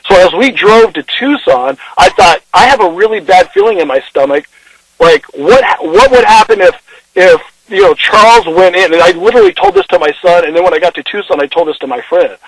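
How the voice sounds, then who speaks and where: On a phone call, a man being interviewed emotionally retells a long personal story in a high, somewhat bright voice with no echo. He rambles, restarts his sentences, and acts out what people said.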